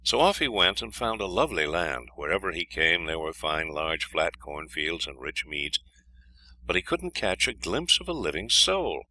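A man reading a fairy tale aloud in an expressive, lively storytelling manner. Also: low-pitched, normal speed, no echo, low-quality recording. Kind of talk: scripted fairy-tale narration.

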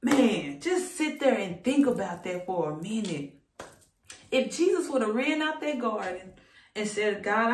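A woman preacher giving a fervent sermon to camera, repeating her points and building excitement. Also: fairly high pitch. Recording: roomy echo.

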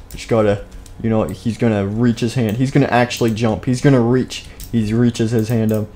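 A man's voice: mid-range voice, fairly even intonation, moderate pace, warm tone. A young man narrating a game role-play on a live stream, rambling, goofy and often cutting himself off, into a desk microphone. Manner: rambling, self-interrupting, goofy.

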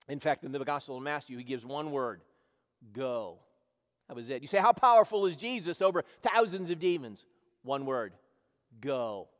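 A male pastor with a slightly high voice, reading Bible verses and explaining them line by line. He turns from loud, pressing questions to hushed prayer. His words ring out with the long reverb of a church hall. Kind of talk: evening Bible-teaching sermon. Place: church sanctuary.

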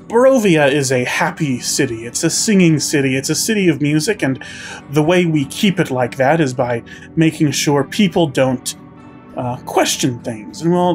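A man voicing a cold, condescending male scientist director who speaks with quiet menace. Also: on the high side.

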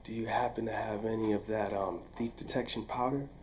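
A secretive school office woman, as a male storyteller puts her on, keeps her voice hushed and low-key. She delivers each line flatly and matter-of-fact, as if sharing something confidential. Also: fairly quick, a little hiss or hum, natural voice.

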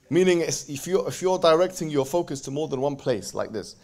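A man giving a lively religious lecture to a live audience, joking and bantering with the crowd and quoting verses in quick Arabic recitation. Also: a little high. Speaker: speaker at a religious event.

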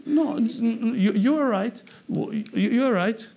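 A man from England teaches a public speaking class in a high voice. He is animated and keeps checking that the class follows along with quick questions. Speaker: English public speaking trainer.

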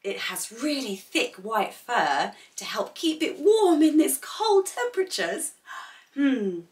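A woman teaches toddlers in a high, lively voice. She speaks very slowly and clearly, with big gasps of surprise. She sounds a little distant from the mic, with loud music behind her. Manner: animated, exaggerated gasps and slow clear speech for toddlers; sings and imitates animal sounds. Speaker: children's teacher. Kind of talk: toddler learning video.

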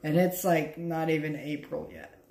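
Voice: mid-range voice, fairly even intonation, measured pace, darkish tone. A tired young adult vlogger talking casually at home late at night, rambling and self-mocking with frequent restarts. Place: at home, by a couch. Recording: roomy, echoey room.

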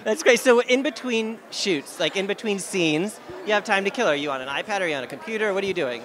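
A man's voice: high voice, expressive, fast talker. A man interviewing an actress on a red carpet, asking upbeat, complimentary questions. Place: outdoor red carpet event. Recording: busy crowd noise outdoors.

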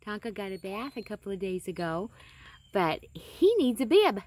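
A woman's voice: medium pitch, big pitch swings, moderate pace, darkish tone. A woman filming her farm outdoors, talking casually and calling to a puppy in a coaxing sing-song voice. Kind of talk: casual vlog narration.

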